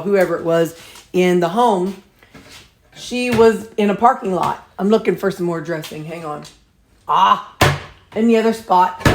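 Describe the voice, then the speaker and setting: A rambling, talkative woman, chatting at a middle pitch while she fixes her supper. The sound is roomy, with her voice bouncing around a home kitchen. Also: a little hiss or hum. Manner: rambling, chatty storytelling with many fillers. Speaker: vlogger showing her meals. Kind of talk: casual chat while preparing supper.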